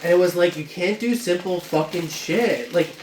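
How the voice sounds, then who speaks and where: A man's voice: high-pitched, normal speed, darkish tone, slight background noise. A man venting angrily about losing his job, rambling and swearing constantly. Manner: angry, rambling, heavy swearing. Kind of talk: profane venting monologue. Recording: echoey room from far off.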